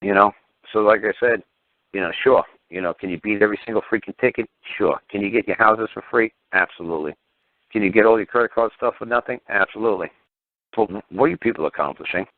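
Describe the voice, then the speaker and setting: A man's voice: lowish voice, fast talker, dry recording. A man hosting a talk radio show, speaking bluntly and heatedly with profanity and stammering restarts. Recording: tinny phone-line radio audio.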